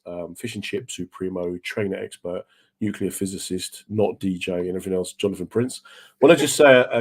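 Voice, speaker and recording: A British man hosting a radio talk show, telling stories in a casual, chatty way and acting out the quotes. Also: low voice. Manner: storytelling, chatty, acts out quotes. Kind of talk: casual chat.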